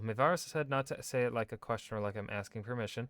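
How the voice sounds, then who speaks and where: A man streaming a video game, reading in-game lore texts aloud in a measured, steady way with brief asides. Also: mid-range voice, no echo. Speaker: gaming streamer.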